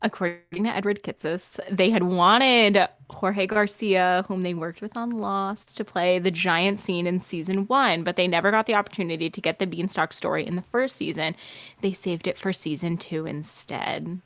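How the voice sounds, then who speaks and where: A woman's voice: lowish voice, steady tone, normal speed, a bit bright, no echo. A woman co-hosting a podcast in casual chat, sarcastic and joking. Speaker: podcast co-host.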